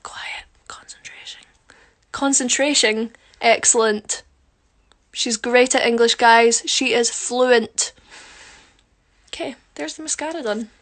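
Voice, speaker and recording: A woman's voice: fairly high pitch, takes it slowly, pauses often, a bit bright. A woman chatting casually with viewers on a phone livestream, teasing and joking while she does her makeup. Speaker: livestream host answering viewer comments. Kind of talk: casual chat.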